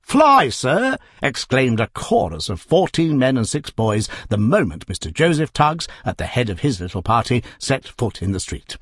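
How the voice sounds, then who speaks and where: A man narrating a classic novel in an expressive, measured storytelling manner. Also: medium pitch, breathy edge, no room sound, clean studio sound.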